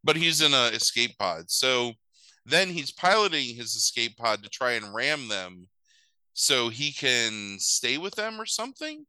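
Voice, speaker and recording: A man's voice: mid-range voice, unhurried, clear, resonant tone, no echo, poor audio. A man co-hosting a podcast, telling a movie plot in a casual, sarcastic and profane way. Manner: animated, profane, sarcastic storytelling. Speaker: podcast co-host. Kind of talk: casual chat recapping a movie.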